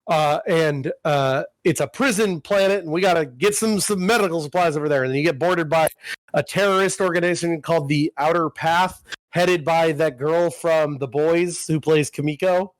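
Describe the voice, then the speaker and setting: A man's voice: a little high, moderate pace, dry recording. A man co-hosting a podcast, recapping a game plot in a rambling, profane casual chat. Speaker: podcast co-host.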